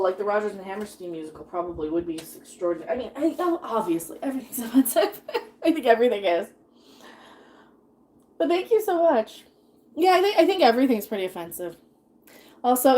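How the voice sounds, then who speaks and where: A woman's voice: fairly high pitch, warm tone. Chatty woman cooking on a live stream. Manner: chatty, rambling, laughs often. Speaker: streamer cooking and reading chat. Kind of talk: casual live-stream chat while cooking.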